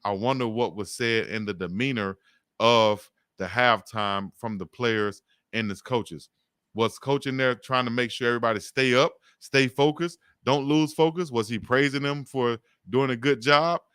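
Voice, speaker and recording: A man's voice: mid-range voice, moderate pace, a bit bright, clean tone, no echo, clean studio sound. A man as a guest commentator in a casual sports debate, animatedly retelling the plays.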